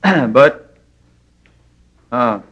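A man's voice: mid-range voice, animated, drawn-out words, fairly bright tone, highs cut off. A man preaching a sermon in a church, telling stories in plain, homespun grammar. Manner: folksy storytelling preaching, plain rural grammar.

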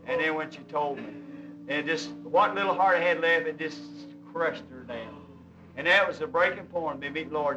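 A man's fervent sermon, folksy and in everyday speech, bursts into hymns now and then, over hymn music in an old recording where he sits somewhat distant from the mic. He talks fairly quickly in a high, sharp voice, and the highs are cut off.

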